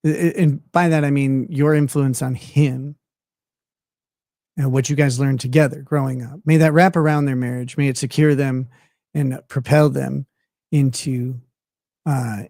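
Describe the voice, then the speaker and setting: A man's voice: mid-range voice, mellow, no room sound, clean studio sound. A man hosting a livestream in casual chat, blunt and profane, laughing often. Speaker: livestream host.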